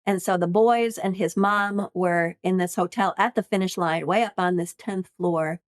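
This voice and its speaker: Animated woman in her fifties telling a story. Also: lowish voice, moderate pace, dry recording. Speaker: podcast guest. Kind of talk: casual storytelling.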